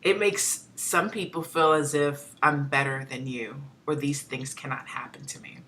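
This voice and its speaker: A woman hosting a talk show discussion, speaking in a reflective, measured way. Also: low-pitched, fairly even intonation, a bit bright. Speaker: host.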